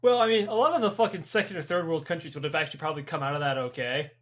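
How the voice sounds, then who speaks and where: A young man with a notably high voice swaps crude, lively stories on a podcast. He swears constantly and jumps into voices for the people he describes, keeping the talk loose and animated. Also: rapid-fire. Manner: profane, animated storytelling with voiced characters. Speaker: podcast co-host. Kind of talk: casual chat.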